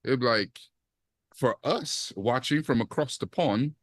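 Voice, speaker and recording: A man in casual podcast chat, reviewing a series with animated energy. His voice sits in the middle range and sounds dry and close, with no room around it. He jumps up into bursts when he mimics what characters say. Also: mid-range voice, a little slow, dry recording. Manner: animated, acts out quoted lines in bursts. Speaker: podcast co-host.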